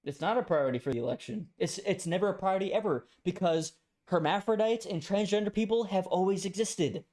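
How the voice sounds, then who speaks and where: A man's voice: sits high, brisk, darkish tone. A young man in a heated, profane casual rant as a streamer. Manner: profane, ranting, emphatic.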